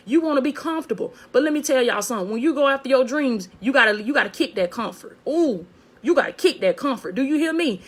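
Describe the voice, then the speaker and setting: A woman preaching a motivational sermon on a phone video, fervent, repeating phrases and calling out to her listeners. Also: on the high side.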